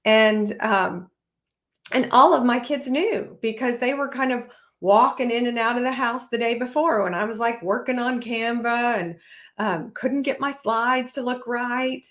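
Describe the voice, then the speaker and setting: Animated woman podcast host. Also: on the high side, measured pace. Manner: animated, acts out kids' voices. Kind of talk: solo podcast talk to parents.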